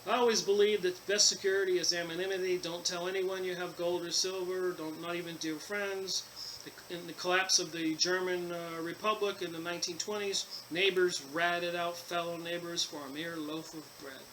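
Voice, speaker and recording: A man's voice: sits high, level tone, normal speed, a bit bright, slight background noise, low-quality recording. A man reading from a book and breaking off into long rambling asides, with many fillers and restarts. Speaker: channel host reading and commenting on a book. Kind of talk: casual book commentary mixing reading aloud and rambling asides.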